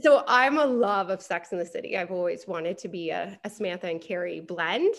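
A woman with a fairly low, creaky voice speaks a little fast as a guest on a podcast. She owns a hair removal business, and in this casual interview chat she rambles and laughs often.

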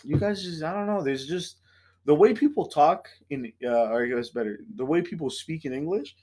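A man podcast host telling a story in casual chat, animated, acting out customers and swearing freely. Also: on the high side, moderate pace.

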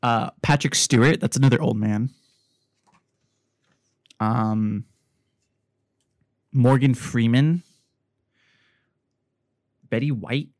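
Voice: medium pitch, slow, pauses often, a little mellow, no room sound, clean studio sound. Giggly young podcast co-host. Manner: giggly, scattered. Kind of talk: casual chat.

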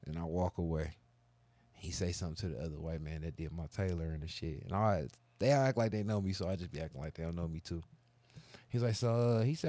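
A man with a low voice tells crude stories in a loose, profane, boastful way. The sound is close and dry, with no room around it. He drawls through casual talk with a co-host. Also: a little fast, dry recording. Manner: profane, boastful, animated storyteller. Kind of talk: casual storytelling chat.

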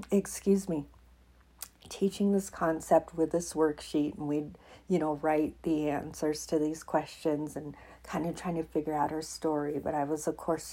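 A woman's voice: low voice, dark tone, husky. A woman hosting a podcast, telling a personal faith story in an emotional way and laughing often as she talks. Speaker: podcast host.

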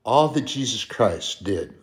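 Slow, low-voiced male preacher. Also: big pitch swings. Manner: swings from soft, slow asides to loud, high-pitched proclamations; conversational, with fillers and self-corrections. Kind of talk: sermon, Bible teaching.

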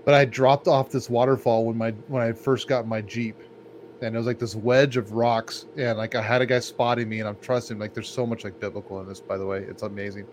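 A man's voice: mid-range voice, little pitch movement, brisk. Rambling, laid-back male podcast storyteller. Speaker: podcast co-host. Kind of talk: casual podcast chat. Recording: faint background noise.

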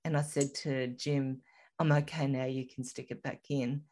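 A woman recounting a personal experience in a slow, reflective, soft-spoken way as a guest in an interview. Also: extremely low pitch, level tone. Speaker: guest telling her story.

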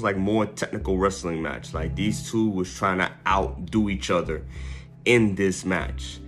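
A man with a fairly low voice talks through a recap in a loose, casual way. He rambles, corrects himself mid-sentence and laughs at his own slips, with faint music playing behind him. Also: a bit bright. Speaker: wrestling fan reviewer. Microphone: headphones with mic.

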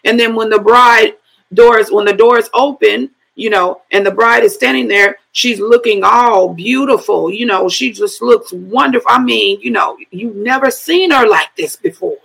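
A woman's voice: fairly high pitch, normal speed, creaky, a bit bright, breathy edge, poor audio. A middle-aged woman preaching a sermon, breaking into speaking in tongues and laughing between phrases.

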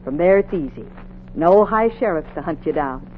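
An actress playing a steady, devout Quaker woman who shelters runaways, speaking firmly in an old radio drama. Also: low voice, normal speed. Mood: instructive. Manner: steady, firm, righteous. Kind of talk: 1950s radio drama acting. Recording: tinny old radio recording with hiss.

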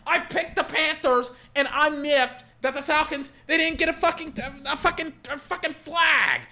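Profane ranting football fan with a bright voice. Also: high voice, moderate pace, few pauses. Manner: profane, ranting, yelling at referees. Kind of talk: live game reaction commentary.

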